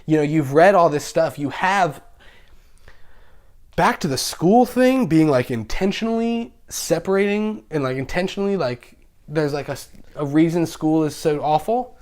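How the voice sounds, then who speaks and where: A young man talking as a podcast guest in casual chat, excitable and animated, swearing freely and laughing often. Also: on the high side, moderate pace.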